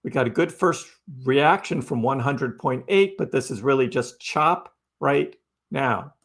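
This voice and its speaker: Medium in pitch and a bit bright, this man's voice moves at a measured pace. On his relaxed crypto livestream he chats on, repeats himself, tacks "right?" onto lines, and talks back to his chat.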